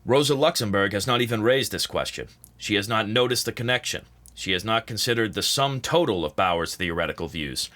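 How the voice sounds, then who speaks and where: A man reading a political text aloud as an audiobook, saying the quote marks and parentheses out loud. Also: on the low side, lively intonation, fairly quick. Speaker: audiobook reader. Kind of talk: read-aloud nonfiction narration.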